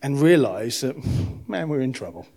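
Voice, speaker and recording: A man's voice: mid-range voice, sing-song, normal speed, vocal fry. Impassioned male preacher. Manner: impassioned, swings between loud emphasis and hushed lines. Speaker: pastor. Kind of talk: sermon.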